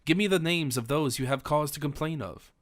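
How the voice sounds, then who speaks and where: A man's voice: a little high, a little fast, dry recording, studio quality, lightly acted. A man voicing a passionate young king in an audiobook, vowing and commanding in formal old-fashioned speech. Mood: impassioned. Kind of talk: audiobook character reading.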